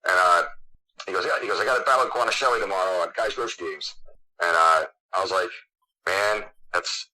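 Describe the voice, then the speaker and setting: A man who is a guest on a podcast, excitedly telling a long story with lots of fillers. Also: deep voice, quick pace, poor audio. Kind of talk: casual interview chat.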